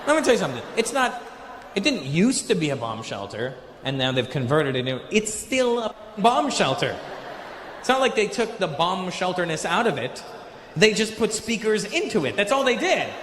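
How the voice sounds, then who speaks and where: A man's voice: sits high, a bit bright. A man from Canada doing a stand-up comedy routine, telling a story animatedly and acting out accented voices of the people in it. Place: theater stage with an audience. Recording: echoey live venue with faint noise.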